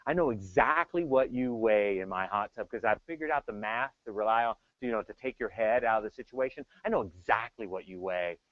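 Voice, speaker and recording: A middle-aged man giving a tech talk, telling stories in an animated, joking way. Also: on the low side, fairly quick, hardly any pauses, no room sound, narrow, tinny audio. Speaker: tech speaker. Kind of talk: storytelling keynote talk.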